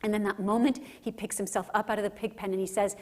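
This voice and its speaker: A woman gives a forceful religious lesson in a conference center, frequently ending points with "right?" to engage the audience. She talks quickly in a medium-pitched, darkish voice with fairly even intonation.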